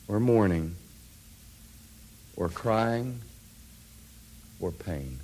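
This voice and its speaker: A middle-aged man preaching a sermon, telling stories and swinging from hushed, quiet phrases to loud, rising climaxes. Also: fairly low pitch, expressive, normal speed.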